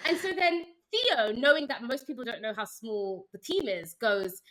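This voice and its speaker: A woman app founder telling a story as a guest, with an expressive manner. She acts out the voices of the people she quotes and laughs easily. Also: a little high, normal speed, rough recording. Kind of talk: animated storytelling.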